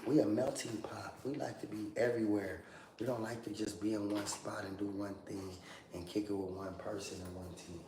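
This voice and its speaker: A man's voice: fairly low pitch, steady tone, moderate pace, warm tone. A man from Oakland, California, hosting a livestream with rambling, slangy talk aimed straight at his viewers. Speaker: livestream host. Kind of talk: casual livestream rant. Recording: echoey room with faint ambient noise.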